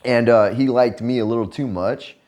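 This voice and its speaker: A man vlogger telling stories in a casual chat, profane and animated, laughing as he tells them. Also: medium pitch, normal speed.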